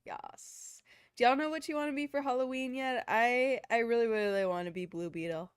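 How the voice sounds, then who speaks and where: A woman's voice: a little high, normal speed, smooth, no echo, studio quality. A woman chatting casually with her viewers on a live stream, rambling from one thing to the next.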